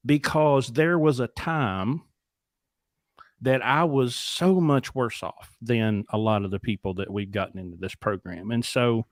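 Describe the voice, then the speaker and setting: A man's voice: medium pitch, moderate pace, dry recording, studio quality. A man in his forties telling stories in a candid, self-deprecating and reflective way, now and then swearing, as a podcast co-host. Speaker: podcast co-host, trucking company. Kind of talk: casual conversational storytelling.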